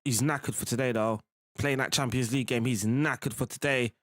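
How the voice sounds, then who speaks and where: A man streaming a football management game, talking casually and getting excited, at times shouting at the plays. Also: medium pitch, brisk, no room sound. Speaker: gaming streamer. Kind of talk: live game commentary.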